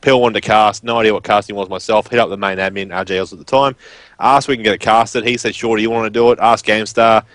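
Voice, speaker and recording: Appearing as a guest commentator on a live stream, this man speaks in a broad rural Queensland accent, rambling informally and leaning heavily on filler words. His voice is lowish with a fairly bright tone, recorded dry.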